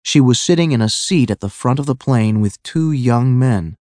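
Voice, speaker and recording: A man narrating a graded-reader audiobook in a clear, measured way. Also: mid-range voice, animated, darkish tone, no room sound.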